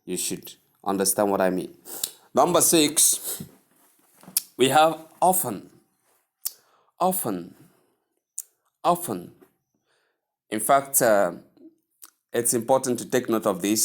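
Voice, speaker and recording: Slow, deep-voiced man teaching pronunciation. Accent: Nigerian English. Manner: slow, repeats each word many times, drawn out. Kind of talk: spoken English pronunciation lesson.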